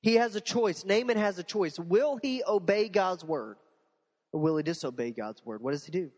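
Pastor guy preaching, kinda high voice, lots of repeating and asking the crowd stuff, church hall echo. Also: normal speed. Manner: animated preaching with rhetorical questions and repetition. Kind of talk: sermon. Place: church sanctuary.

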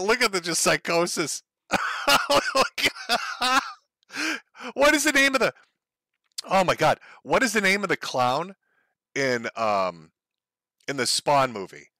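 A man's voice: high voice, sing-song, slow pace, pauses often, pushed and bright, no echo. A man hosting a stream, giving mocking commentary over clips and laughing often. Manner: laughs often, sneering and gleeful. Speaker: streamer host.

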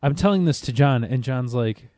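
A man hosting a podcast in casual chat, rambling and halting with many restarts. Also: medium pitch, animated, mellow, dry recording, studio quality. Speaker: podcast host.

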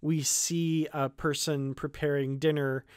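A man's voice: a little high, little pitch movement, unhurried, smooth, no room sound, studio quality. A man hosting a fan channel, talking casually through a trailer shot by shot, thinking aloud with many fillers and restarts.

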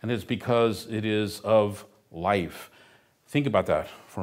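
A man's voice: fairly low pitch, a little slow. A middle-aged man preaching a sermon as pastor, emphatic and earnest, with dry humorous asides.

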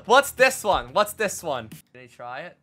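A man's voice: high voice, sing-song, moderate pace, bright, forceful tone, breathy edge, soft background music. A young Australian man streaming, reacting to fan memes in casual chat, laughing often and swearing freely.

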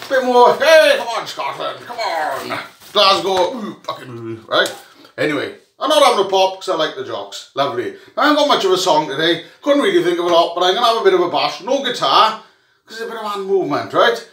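A man with a high, bright voice in a loud, sweary, joking rant, puffing and out of breath. He sounds a little way off the mic, and the room throws back an echo. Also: sing-song, fast. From Wales. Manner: boisterous, sweary, jokey banter. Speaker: rugby fan vlogger. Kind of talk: rowdy comic monologue to camera. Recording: echoey room, mic at a distance.

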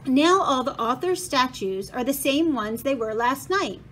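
A woman's voice: high voice, lively intonation, a little slow, a bit bright, slight background noise. A woman voicing an eager, fact-loving schoolgirl in a storybook read-aloud. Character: bookish know-it-all girl, about twelve.

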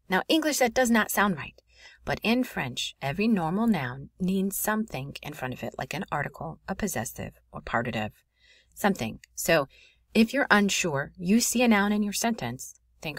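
A woman teaching a French grammar lesson in a clear, explanatory voice. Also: on the low side, sing-song, normal speed, no room sound, studio quality. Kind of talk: recorded classroom lesson.

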